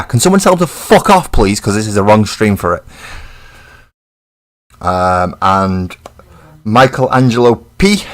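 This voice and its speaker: Lowish-voiced guy rambling on a hobby stream, laid back but swears at trolls. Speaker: streamer painting miniatures. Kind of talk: casual live-stream chat.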